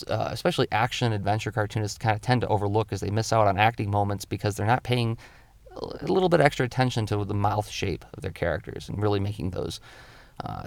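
A man's voice: fairly low pitch, vocal fry, a little mellow, no room sound. A male comic illustrator giving a casual spoken drawing tutorial, explaining his tips step by step in a thoughtful way.

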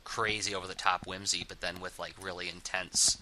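A man's voice: low voice, little pitch movement, a little fast, sharp tone, low-quality recording. A man hosting a casual interview, talking at length with frequent restarts and asides. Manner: talkative, restarts and rambles. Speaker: host of a comics podcast.

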